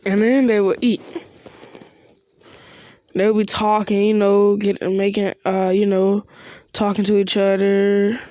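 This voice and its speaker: A casual fan improvises an anime what-if plot on the spot, narrating fan fiction in a rambling, hesitant way with slangy asides and many "you know"s and "bro"s. The voice is medium-pitched, level, mellow and a little slow, with long pauses, recorded in studio quality without echo.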